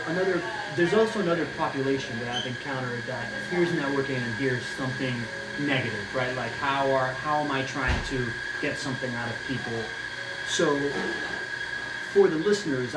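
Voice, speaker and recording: A man's voice: medium pitch, brisk. A man speaking as a guest on a casual podcast in a coffee shop, enthusiastic and playful. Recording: echoey coffee shop with loud background noise. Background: coffee shop chatter.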